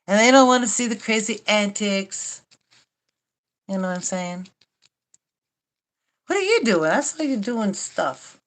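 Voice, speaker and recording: A woman's voice: medium pitch, a little slow. An older woman hosting a casual livestream chat, rambling and wry, mocking herself and swearing now and then. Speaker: livestream host.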